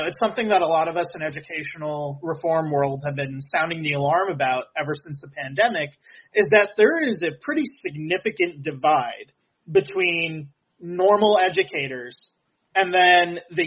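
Young guy guesting on a talk show, slightly high voice, calm explainer, muffled lo-fi audio. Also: normal speed, breathy edge. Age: young adult. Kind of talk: interview answers.

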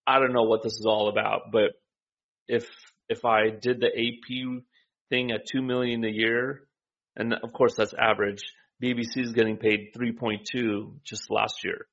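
A man with a mid-pitched voice chats in an easygoing, joking manner on a political talk show. His recording sounds dull and lo-fi. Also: level tone, normal speed, fairly bright tone.

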